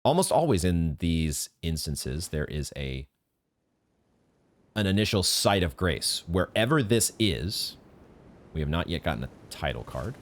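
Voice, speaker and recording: A man's voice: sits low, very animated, unhurried. A man streaming a blind playthrough of a video game, chatting and musing aloud in a playful way. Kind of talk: live gameplay commentary. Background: game music.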